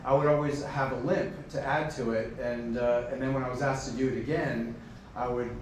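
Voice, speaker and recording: A man's voice: medium pitch, fairly even intonation, a little fast, a little hiss or hum. A man in the audience asking a rambling, hesitant question full of fillers. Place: convention panel hall. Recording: echoey convention hall from far off.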